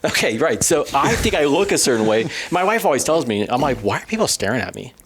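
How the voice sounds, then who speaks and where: Animated self-deprecating male storyteller. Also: medium pitch, fast talker, a little hiss or hum. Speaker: business owner guest. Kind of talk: casual storytelling interview.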